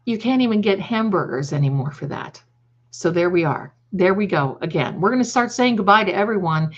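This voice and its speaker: Woman, psychic live-stream host, chatty, affectionate pet names, repeats and restarts words, mid pitch, slightly muffled stream audio. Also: lively intonation, fairly quick. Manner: affectionate, calls viewers "my darling". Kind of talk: live-stream chat reading comments.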